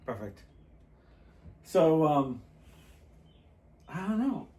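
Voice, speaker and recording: A man hosting a podcast, telling stories in a lively, animated way and laughing often. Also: on the high side, very slow, far from the mic. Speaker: podcast host. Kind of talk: casual chat. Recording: roomy, a little off-mic.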